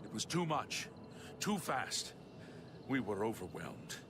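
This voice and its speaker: A man's voice: mid-range voice, big pitch swings, slow, background noise. An actor playing a weary male guard captain in a video game, speaking grimly and urgently. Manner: grim, urgent.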